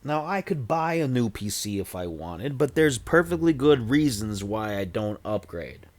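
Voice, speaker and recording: A man's voice: medium pitch, sing-song, normal speed. A man in his forties chatting casually on a livestream, rambling with self-deprecating, jokey asides into a desk microphone. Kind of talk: casual stream chat.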